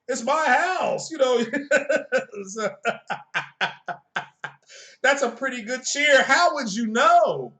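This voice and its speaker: A middle-aged man hosts a casual live stream, talking in a high voice. His tone is bright and forceful as he rants bluntly and swears freely, chuckling at his own jokes. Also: expressive, measured pace. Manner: blunt, profane and joking, chuckles often.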